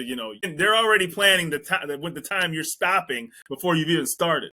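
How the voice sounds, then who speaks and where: A man's voice: a little high, expressive, brisk, pushed and bright. A man hosting a podcast interview, eager and chatty, affirming his guest often. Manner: eager, keeps affirming with "right" and "yeah". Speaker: podcast host. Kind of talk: casual interview talk.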